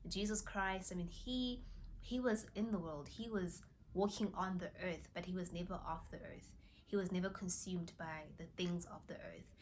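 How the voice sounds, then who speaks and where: A young woman vlogging from her bedroom, telling a faith story in a casual, animated way and reading scripture aloud. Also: on the low side, moderate pace, a little hiss or hum. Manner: animated, exclaiming, reads scripture aloud, drops to a whisper in awe.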